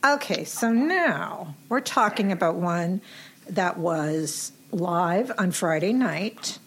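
A woman's voice: fairly low pitch, animated, slow pace, a bit bright, slightly rough. Chatty, effusive woman host. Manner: chatty and effusive, laughs often. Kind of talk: casual interview chat.

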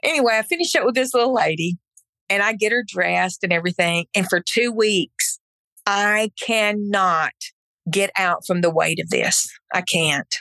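A woman's voice: mid-range voice, moderate pace, creaky, sharp tone, dry recording. A middle-aged woman, a podcast guest, telling a personal testimony in an earnest, emphatic way and acting out her own past words. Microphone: podcast microphone.

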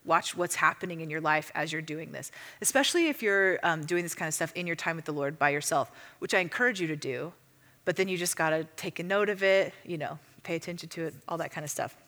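Bright-voiced woman teaching in a reverberant hall. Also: low voice, fast. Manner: chatty, filler-heavy, animated storytelling. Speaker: ministry teacher. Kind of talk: casual teaching talk.

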